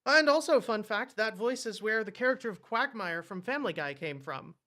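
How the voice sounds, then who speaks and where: A man's voice: high-pitched, lively intonation, moderate pace, sharp tone. A man co-hosting a casual chat, rambling and joking, often restarting his sentences. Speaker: co-host.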